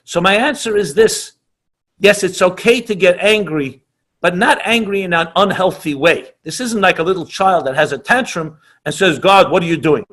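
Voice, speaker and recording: A middle-aged rabbi with a high-sitting, slightly bright voice teaches teenagers in an online class at a moderate pace, fielding their questions. He's passionate and emphatic, repeats himself, and sprinkles in Hebrew and Yiddish terms.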